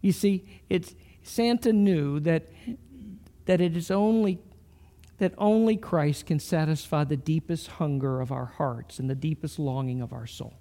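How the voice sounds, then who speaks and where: Middle-aged male pastor, gravelly warm voice, unhurried earnest sermon storytelling. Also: on the high side. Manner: slow, storytelling, earnest with soft pauses.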